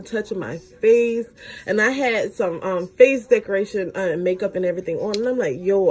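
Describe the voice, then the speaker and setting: A young woman, a beauty vlogger, telling a casual story while doing her makeup, with slangy talk that jumps high in pitch when she gets excited. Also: normal speed, husky.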